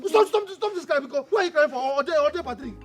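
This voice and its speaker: An actor with a Nigerian accent playing a poor, hot-tempered younger brother who stammers and repeats himself, in a film drama. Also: male voice, very high-pitched, expressive, fast, a bit bright, soft background music. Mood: distraught. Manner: stammering, repeats words, challenging.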